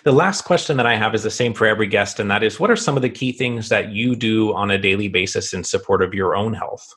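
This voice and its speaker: A man hosting an interview, asking his questions in a calm, appreciative way. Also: lowish voice, fast, slightly rough. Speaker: podcast host. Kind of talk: interview conversation.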